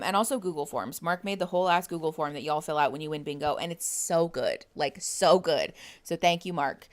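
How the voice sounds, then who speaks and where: Chatty, laughing woman streamer, a touch low. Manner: chatty, laughs often, swears casually; reads out and answers viewer chat messages. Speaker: therapist streaming reactions to a reality show. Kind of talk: casual livestream chat.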